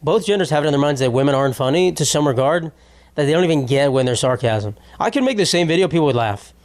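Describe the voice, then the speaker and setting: A man's voice: fairly high pitch, lively intonation, fast. A young man hosting a solo comedy podcast, rambling and sarcastic, swearing freely as he riffs. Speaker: podcast host.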